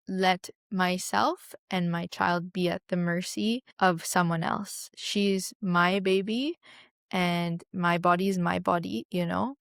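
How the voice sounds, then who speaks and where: A woman's voice: lowish voice, no room sound, clean studio sound. Candid young mother telling her story. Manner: emotional, candid, quotes others in her retelling. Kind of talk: personal storytelling to camera.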